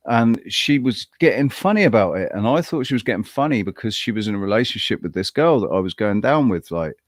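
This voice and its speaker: A man co-hosting a podcast, telling a personal story in a rambling, halting way with frequent restarts. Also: lowish voice, lively intonation, no echo, studio quality. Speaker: podcast co-host. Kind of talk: casual chat.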